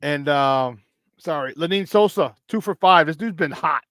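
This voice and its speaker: Excitable man hosting sports talk. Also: on the high side, normal speed, no echo, clean studio sound. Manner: excitable, rambling, laughs often. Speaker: sports talk show host.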